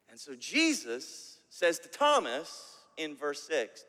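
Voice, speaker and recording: A man's voice: fairly high pitch, huge pitch swings, slow pace, few pauses, pushed and bright, long reverb tail. A man preaching a sermon as pastor, tagging his points with "right?" and often repeating words as he restarts.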